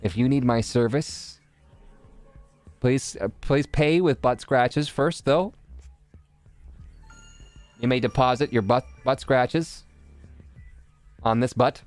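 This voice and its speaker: A man playing a male pet dog who talks like an overly polite service clerk, prim and mock-official. The voice is smooth and clean, and it stays close to the man's own mid-pitched tone. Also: slow pace, long pauses, no room sound, faint music behind, close to an everyday voice. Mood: mock-formal.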